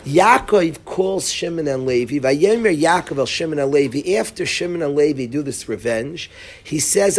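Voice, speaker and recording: A man with a fairly high voice gives a Torah lecture as a rabbi. He tells the story with animated energy and mixes in Hebrew and Yiddish words. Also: normal speed. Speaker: rabbi, yeshiva head.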